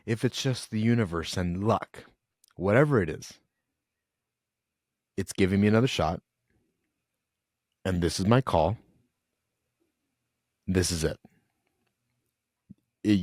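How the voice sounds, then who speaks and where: A young man, a podcast guest, telling an emotional personal story in an earnest, halting way. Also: deep voice, dry recording, studio quality. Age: young adult.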